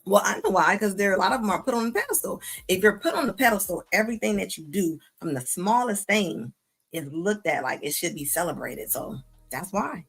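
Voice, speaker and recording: A woman hosting a casual reaction video, talking in an animated, slangy way and laughing often. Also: medium pitch, a little fast, slightly rough, soft background music. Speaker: commentary video host.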